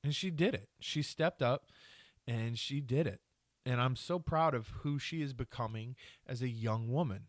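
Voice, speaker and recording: A podcast host rants angrily on his solo show, swearing heavily and trailing off before restarting his sentences. His medium-pitched voice moves at a normal speed, with clean studio sound and no room echo.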